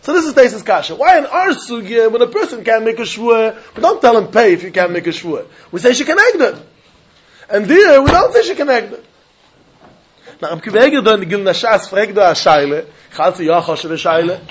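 A man with a Yiddish-inflected English accent teaching a Talmud lesson in an animated, sing-song learning cadence. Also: high-pitched, fairly quick, husky, dull audio. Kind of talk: Talmud lecture.

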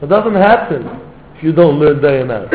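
Fervent rabbi, tinny echoey line. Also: male voice, on the high side, very animated, measured pace. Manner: fervent, sprinkled with Yiddish and Hebrew words, non-native phrasing. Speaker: rabbi giving a Torah talk. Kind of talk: heartfelt Torah sermon with storytelling. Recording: echoey room heard over a tinny phone-like line.

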